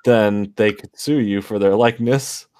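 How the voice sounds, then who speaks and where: A man's voice: lowish voice, normal speed, warm tone. A man chatting casually on a stream, teasing his friend and swearing often. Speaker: guest friend.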